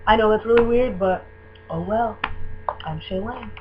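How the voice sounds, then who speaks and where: A young woman from Michigan gushing about a band she loves in a casual video, with lots of "um" and "like" and excited rambling. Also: medium pitch, normal speed. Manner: gushing, excitable, filler-heavy fan talk. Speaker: vlogger. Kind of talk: casual fan tag video. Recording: dull lo-fi webcam audio with faint hum.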